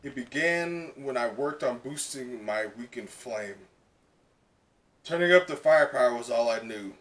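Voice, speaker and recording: A man reading a young male hero's inner monologue in a plain, low-key way. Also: lively intonation, measured pace, fairly bright tone, distant mic. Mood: earnest.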